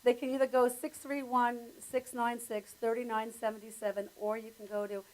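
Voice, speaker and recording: A woman guest on a talk show explaining her events in a quick, upbeat way. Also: on the high side, little pitch movement, low-quality recording. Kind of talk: casual studio chat.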